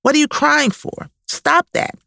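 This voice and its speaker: A woman's voice: high-pitched, steady tone, unhurried, creaky, bright, forceful tone, dry recording, clean studio sound, voice pushed up, heavily acted. A woman voicing a blunt, dismissive older grandfather in a spoken memoir. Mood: scolding. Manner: blunt, scolding.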